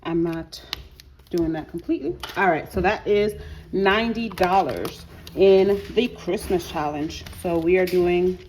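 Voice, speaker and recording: Chatty woman, slightly wheezy, lowish voice. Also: a little slow, a little mellow, a little hiss or hum. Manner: chatty, frequent filler "like", self-correcting restarts. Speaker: budgeting vlogger. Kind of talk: casual budgeting walkthrough.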